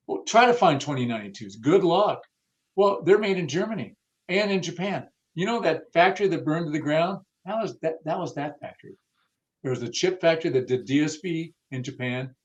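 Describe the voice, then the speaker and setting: A man's voice: medium pitch, muffled recording. A man being interviewed about the car audio industry, talking bluntly and casually with some cursing and acting out the people he quotes. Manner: blunt, profane, acts out quoted dialogue.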